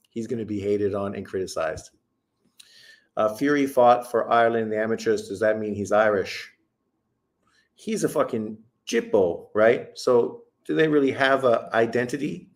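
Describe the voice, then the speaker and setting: A man's voice: mid-range voice, moderate pace. Host, male, from Canada. Blunt, swears freely, opinionated, casual live-stream chat, mid-range voice.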